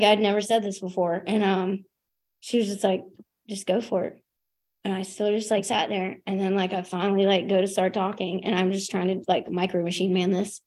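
A young woman shares her recovery story at a meeting, speaking candidly and casually with a self-deprecating streak and plenty of "like" and "you know." Her voice is medium in pitch with a darkish tone.

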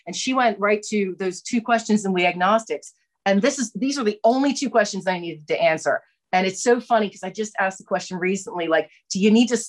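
A woman telling her personal recovery story in a candid, halting way, with frequent fillers and restarts. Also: medium pitch. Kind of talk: personal testimony talk.

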